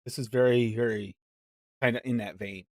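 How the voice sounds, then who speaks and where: A man's voice: medium pitch, fairly even intonation, moderate pace, no room sound, clean studio sound. A man hosting a live mixing show, chatting casually and reading recipes aloud in a rambling, musing way. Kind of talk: casual live-stream chat.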